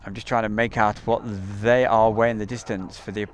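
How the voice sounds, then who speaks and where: A man's voice: on the low side, little pitch movement, fairly quick, slight background noise. A man hosting a casual live stream outdoors near an airbase, chatting in a rambling way with many ums and uhs, recorded on a camcorder mic.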